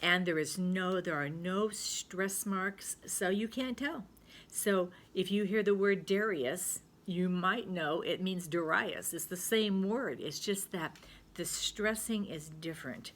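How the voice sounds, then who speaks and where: A woman's voice: on the low side, slight background noise. Patient woman teacher sounding out words. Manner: patient, sounding out words slowly and repeating them. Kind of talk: recorded spelling lesson for young students.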